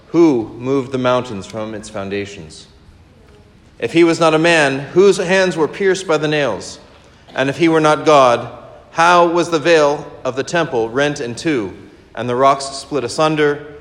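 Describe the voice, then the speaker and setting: Man preaching in an echoing hall. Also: fairly high pitch. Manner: reads a quoted text aloud, then comments quietly; rhythmic, repetitive rhetorical questions. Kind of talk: sermon.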